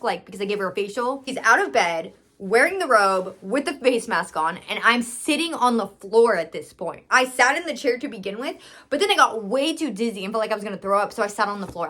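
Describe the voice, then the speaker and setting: A woman's voice: on the high side, bright, forceful tone. A young woman telling a storytime in a chatty, filler-heavy way, acting out her own thoughts and quoting others. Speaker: storytime vlogger, massage business owner. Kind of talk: casual storytime.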